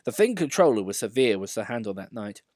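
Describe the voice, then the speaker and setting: A man narrating a children's story with a lively, swinging pitch and a middle-range voice. The recording is dry and close, with no room sound. He tells it with relish. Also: quick pace, no echo. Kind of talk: storybook reading.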